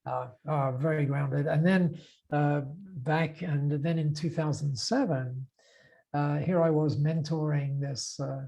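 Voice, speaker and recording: An older man with an Australian accent, a podcast guest telling his story in an animated way, acting out the dialogue and restarting his sentences often. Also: a little high, slow pace, creaky, poor audio. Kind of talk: storytelling interview.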